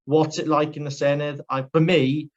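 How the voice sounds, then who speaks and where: A man's voice: fairly high pitch, little pitch movement, normal speed. Outspoken young man on a muffled line. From Wales. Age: young adult. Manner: outspoken, ranting, blunt. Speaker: politician interviewed as guest. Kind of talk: casual political interview.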